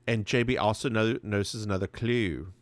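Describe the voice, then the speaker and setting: A man's voice: lowish voice, normal speed, dry recording. A man co-hosting a podcast, casually recapping a TV episode with chatty, playful asides. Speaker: podcast co-host.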